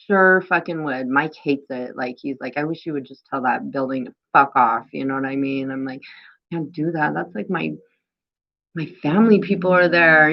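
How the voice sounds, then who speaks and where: Low-pitched middle-aged woman hosting a phone live stream, rambling vent with swearing, dull lo-fi sound. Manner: animated, rambling, swears, lots of "you know what I mean". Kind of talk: venting casual live stream.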